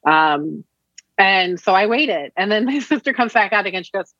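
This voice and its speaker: A candid, animated woman from Virginia telling parenting stories in a casual podcast chat. Her voice sits in a middle register and sounds dry and close. The recording is slightly dull and lo-fi. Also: mid-range voice, a little fast, no echo. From Virginia, USA. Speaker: guest, counselor and mother. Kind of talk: casual conversation, storytelling.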